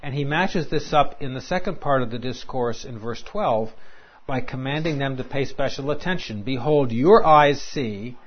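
A man teaches scripture to a class in an explanatory way, posing questions and leaning hard on quoted lines. His voice sits at an ordinary male pitch. The recording is dull and lo-fi. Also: moderate pace. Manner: explanatory, rhetorical questions, emphatic quoting. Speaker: Bible teacher. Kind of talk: classroom Bible lecture.

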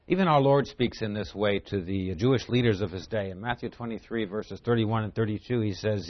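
A man's voice: fairly low pitch, fairly quick, few pauses, no room sound, dull audio. A man giving a Bible teaching sermon. He reads scripture aloud, explains it plainly and poses rhetorical questions in a conversational way. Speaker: preacher.

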